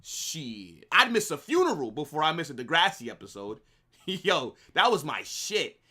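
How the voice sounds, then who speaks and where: A man's voice: on the high side, big pitch swings, normal speed, sharp tone. A young man casually chatting to his live-stream viewers in a slangy, rambling way. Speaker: watch-along streamer.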